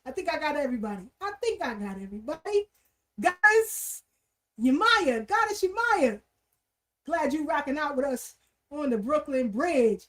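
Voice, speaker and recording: A woman's voice: high voice, animated, normal speed, fairly bright tone. A woman hosting a casual livestream, energetically greeting viewers and repeating her greetings. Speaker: livestream host. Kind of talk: casual livestream shout-outs and chat.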